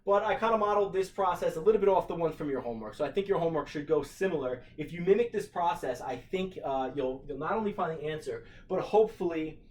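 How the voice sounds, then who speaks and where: A man's voice: on the high side, animated, quick pace, hardly any pauses. A middle-aged man, a teacher, talking through a math problem for his class, thinking aloud with plenty of fillers and restarts. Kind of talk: recorded math lesson walkthrough.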